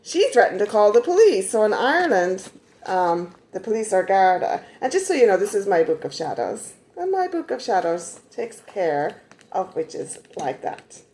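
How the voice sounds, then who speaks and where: A woman telling a personal story in a casual vlog, animated and given to sarcastic asides. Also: mid-range voice, moderate pace.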